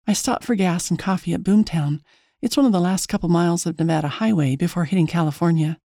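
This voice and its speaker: A woman tells a first-person story in a chatty, wry way and pokes fun at herself. Her tone is mellow and soft-edged. The sound is dry and close. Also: fairly low pitch, fast talker, no room sound. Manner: chatty, wry, self-mocking. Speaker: narrator.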